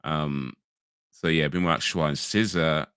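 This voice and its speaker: A man's voice: extremely low pitch, fairly even intonation, a little slow, fairly bright tone, clean tone, no room sound, clean studio sound. A man from England chatting casually with his stream viewers, rambling with lots of restarts and small laughs. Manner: rambling, frequent restarts and fillers, laughs easily. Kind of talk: casual live-stream chat.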